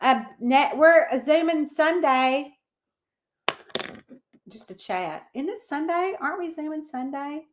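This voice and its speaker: A woman's voice: high-pitched, animated, slow pace, long pauses, slight background noise. A woman hosting a casual livestream, chatting and reading out viewer comments by name. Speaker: livestream host.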